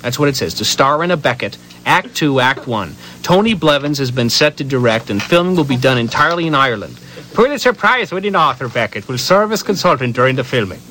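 A male radio host with a bright, ringing voice that bounces widely in pitch. He reads a newspaper item aloud with deadpan mock seriousness amid improvised comedy banter. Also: a little fast, slight background noise, low-quality recording.

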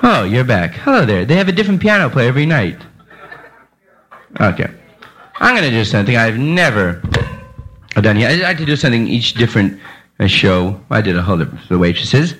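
A male stand-up comic rambles and confesses to a club crowd, his pitch leaping wildly from line to line. The old club recording carries clear hiss and noise under him. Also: big pitch swings, fairly quick, long pauses, fairly bright tone, low-quality recording. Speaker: stand-up comedian. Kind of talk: live stand-up comedy. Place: nightclub stage with audience.

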